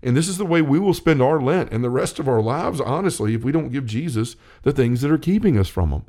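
A man's voice: medium pitch, lively intonation, a little fast, mellow. A man talking earnestly about faith on a talk show, reading quotes and urging listeners, with frequent restarts and fillers. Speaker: co-host of a Catholic talk show.

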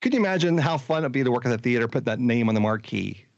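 A man in his fifties hosts a relaxed chat, wandering through memories with easy fillers. His voice sits at an ordinary pitch, and the recording is muffled and dry, with no room sound. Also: fast talker, vocal fry, no room sound. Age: 50s. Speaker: podcast host. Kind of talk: casual nostalgic chat.

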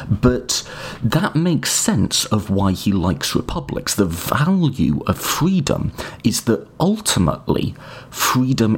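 A man's voice: low voice, husky. A man giving a casual, informal lecture on political ideas and answering listener questions, hedging often and swearing now and then. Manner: occasionally swears.

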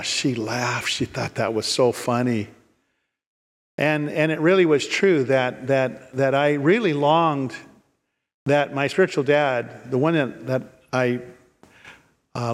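Man preaching in a reverberant church. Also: medium pitch. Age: 50s or older. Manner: storytelling, with frequent restarts and repeated words. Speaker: pastor. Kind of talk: sermon. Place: church sanctuary.

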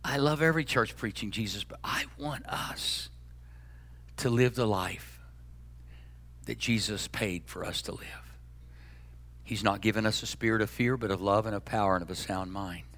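A man preaching a sermon as pastor, folksy and joking, swinging between loud bursts and hushed asides. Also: fairly low pitch, moderate pace.

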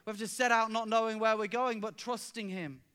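A middle-aged man preaching a sermon as pastor, telling stories fervently and swinging from hushed, quiet moments to exclamations. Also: high voice, fairly even intonation, fairly quick, smooth.

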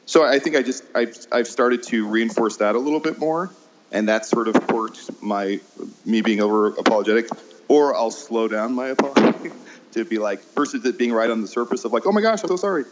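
A man's voice: mid-range voice, fairly even intonation, moderate pace, very noisy. A man, an improv teacher chatting as an interview guest, hesitant with many ums and laughing at himself. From American Midwest. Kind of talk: casual interview chat. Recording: dull lo-fi sound.

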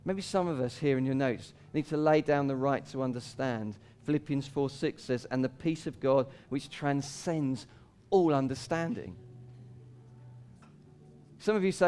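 Preaching as a pastor, this man keeps things casual and slips laughs in between points. Quoted cries push his voice up, while scripture brings it down low and soft; he speaks smoothly and without hurry.

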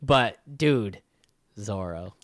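A man's voice: on the low side, animated, extremely slow, no room sound, studio quality. A young man hosting a casual podcast chat, enthusiastic, often saying dude and swearing casually. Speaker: podcast host.

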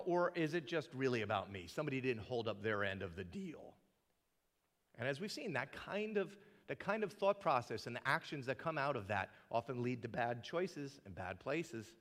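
A man's voice: fairly high pitch, fairly bright tone. A male pastor preaching a sermon with a dramatic delivery, acting out the voices in the scripture he quotes. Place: church sanctuary. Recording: long reverb of a large hall.

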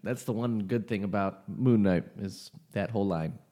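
A man's voice: fairly low pitch, normal speed, dark tone. A young man hosting a casual podcast, talking in an opinionated, rambling way. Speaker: podcast host.

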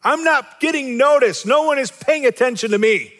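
Jealous older brother, whiny and pouting, pitched high, a man doing it, with hall echo. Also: moderate pace, a bit bright. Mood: whiny sulking. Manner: whiny, indignant complaining.

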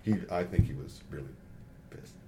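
A man chatting as a podcast guest, telling lively stories and acting out quotes. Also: normal speed, background noise. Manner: animated storyteller, acts out quotes in high voices. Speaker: guest, martial arts film expert. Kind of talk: casual podcast chat.

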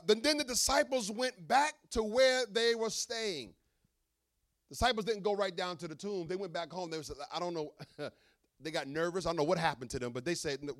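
A man with a very high voice preaches a sermon, animated and full of humorous asides. He is a middle-aged pastor who draws his listeners in with questions and jokes.

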